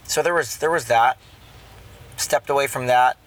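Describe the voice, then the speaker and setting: A man telling a personal faith story in a halting, earnest way, with many restarts. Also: medium pitch, fairly bright tone. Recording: clear road and traffic noise.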